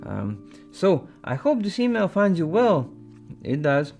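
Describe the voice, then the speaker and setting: A man's voice: a little high, sing-song, measured pace, creaky, a little mellow, faint music behind. A man hosting a casual show, reading viewer emails aloud and adding playful asides. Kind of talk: casual chat.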